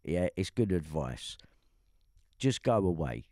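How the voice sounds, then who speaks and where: Profane, ranting man, low voice. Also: very animated, slow pace, dark tone, no echo, clean studio sound. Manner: confrontational, profane, repeats himself. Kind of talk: angry online rant.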